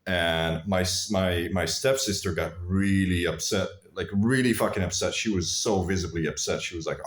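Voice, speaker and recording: Speaking low, brisk, and with hardly any pauses, a male vlogger rambles casually through crude, blunt personal anecdotes to camera, calling his audience "guys."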